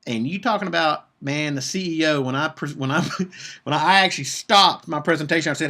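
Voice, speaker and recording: A man's voice: fairly high pitch, fast talker, sharp tone. A man coaching agency owners in a live video session, blunt and profane, driving his points home with repeated "okay?". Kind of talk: Facebook Live business coaching talk.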